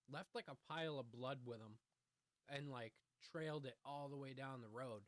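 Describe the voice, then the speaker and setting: A man's voice: medium pitch, a little fast, a bit bright, no room sound. A young man telling a heated, profanity-heavy story in a storytime vlog. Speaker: vlogger.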